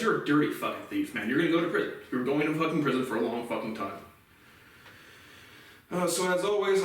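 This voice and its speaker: A man giving a profane, aggrieved solo monologue full of restarts and repeated words. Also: fairly high pitch. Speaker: host of a solo commentary series. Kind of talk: casual rambling monologue. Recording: very echoey room, voice from a distance off the mic.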